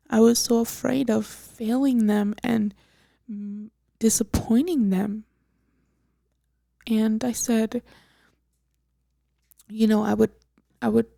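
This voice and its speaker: A young woman hosting a podcast, telling a personal story in a halting, emotional way with many fillers and restarts, often soft and breathy. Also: fairly high pitch, dry recording, studio quality. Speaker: podcast host.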